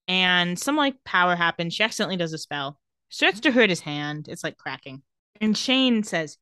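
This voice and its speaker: A woman co-hosting a podcast, recapping a TV episode in casual chat and quickly voicing the characters as she goes. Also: on the low side, smooth, no echo, studio quality. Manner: animated retelling, quotes characters in quick voices.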